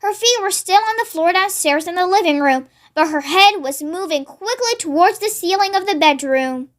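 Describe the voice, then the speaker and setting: Reading a children's story in a steady, expressive way, this narrator uses a very high voice at normal speed before signing off to the viewers.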